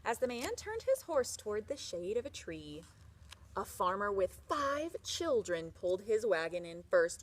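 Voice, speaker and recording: A woman reading a picture book aloud to children, expressive, with chatty asides. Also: mid-range voice, moderate pace.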